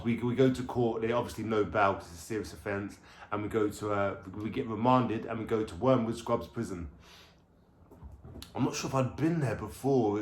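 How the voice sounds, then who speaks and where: Man telling stories straight to camera, slangy, sweary and rambling; echoey room with faint background noise. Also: medium pitch. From London. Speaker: vlogger. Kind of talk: casual storytelling to camera. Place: at home, indoors, with a dog.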